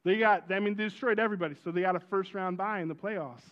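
Speaking fast in a high register, this middle-aged preacher weaves personal stories through his sermon. The sound is dull, while his delivery is lively and punctuated by loud outbursts.

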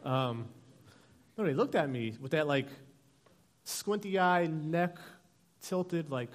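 A male pastor opening a sermon with an animated personal story, acting out the dialogue. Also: fairly high pitch, slow pace, pauses often.

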